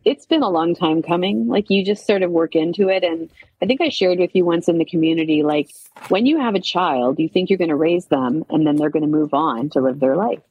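Husky-voiced chatty woman guest. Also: lowish voice, brisk, no room sound, lo-fi sound. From Canada. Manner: chatty, animated storytelling with many asides. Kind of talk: casual chat.

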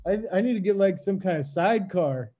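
Middle-aged male evangelist, fairly high, emphatic and slangy. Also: brisk. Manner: energetic, emphatic storyteller with slang like "bro". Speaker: evangelist guest. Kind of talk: casual faith conversation.

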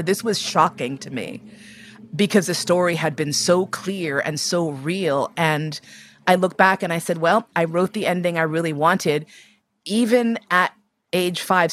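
A woman's voice: on the low side, fairly bright tone. A woman in her fifties from New York City, telling personal stories candidly and expressively, swearing casually. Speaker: guest.

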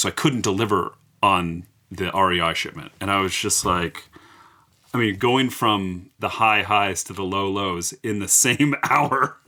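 A deep-voiced man hosting an interview, with a bright, forward tone. He speaks earnestly and reflectively, with frequent fillers. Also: unhurried. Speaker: interview host. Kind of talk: conversational interview.

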